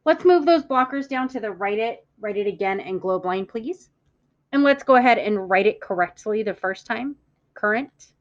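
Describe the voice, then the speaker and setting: A woman teacher giving a classroom vocabulary lesson, speaking clearly and deliberately, stressing words for the class to echo. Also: a little high. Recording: muffled lo-fi audio.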